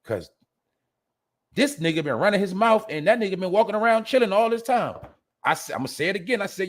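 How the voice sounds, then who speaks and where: A man hosting a podcast, giving animated, profane casual commentary in with laughing asides. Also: high voice, brisk. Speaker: podcast host.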